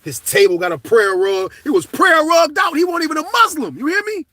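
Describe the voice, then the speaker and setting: A man telling a comedic story in casual, slangy talk, swinging from hushed to loud. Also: extremely high pitch, very animated, normal speed, a little hiss or hum.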